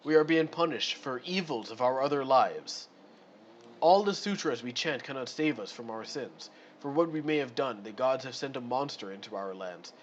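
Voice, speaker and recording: A man's voice: mid-range voice, animated, moderate pace, highs cut off, a little hiss or hum, lightly acted. A man reading a stiff, formal elderly villager. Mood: grave. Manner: stiff formal phrasing, read aloud. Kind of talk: reading adventure module dialogue.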